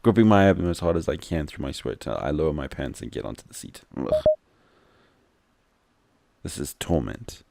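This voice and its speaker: A man's voice: a bass voice, big pitch swings, quick pace, creaky, few pauses, very noisy. A man reading a visual novel aloud as a gameplay commentator, adding wry, joking asides.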